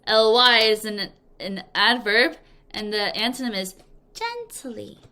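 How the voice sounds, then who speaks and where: A woman teaching an English vocabulary lesson, drilling words clearly with repeat-after-me prompts and acting out examples playfully. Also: fairly high pitch, animated, takes it slowly, sharp tone. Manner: playful, acts out example sentences. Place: language school in Korea.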